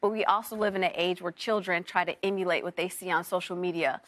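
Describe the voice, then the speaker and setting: A woman's voice: fairly low pitch, steady tone, fast. A woman in her thirties, an actor and author, telling heartfelt stories as a guest on a morning TV show in a studio. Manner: warm storytelling, heartfelt.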